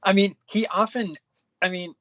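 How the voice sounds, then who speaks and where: A man's voice: high-pitched, steady tone, moderate pace, a bit bright, no room sound. A man co-hosting a movie podcast, easygoing and agreeable, chuckling through casual chat. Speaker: podcast co-host. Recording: dry, dull lo-fi podcast audio.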